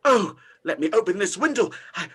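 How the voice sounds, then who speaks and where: Old miser, high voice, bright tone, theatrical, wailing, live stage comedy. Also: male voice, expressive, a little fast, breathy edge, exaggerated voice. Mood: frantic. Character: greedy old male miser, frantic and remorseful. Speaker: improv stage performer.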